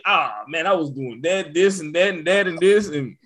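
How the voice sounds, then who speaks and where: High-voiced man, blunt and cursing. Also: fairly bright tone. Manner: blunt, cursing, quick to laugh. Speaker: podcast co-host. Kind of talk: casual podcast chat.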